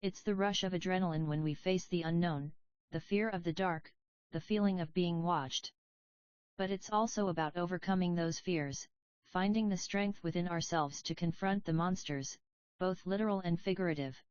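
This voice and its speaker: A woman's voice: lowish voice, moderate pace, darkish tone, smooth, no room sound, close to an everyday voice. A woman voicing an earnest, thoughtful cubehead heroine in a storybook reading, on a dull, dry lo-fi recording. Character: soft-spoken blue cubehead heroine, young woman, earnest.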